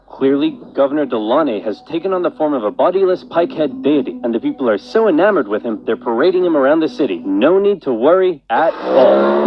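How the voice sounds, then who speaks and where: A man's voice: a little high, highs cut off, a little hiss or hum. A man playing a breezy, clueless king. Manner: breezy and cheerfully bloodthirsty. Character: cheerful oblivious adult male French king.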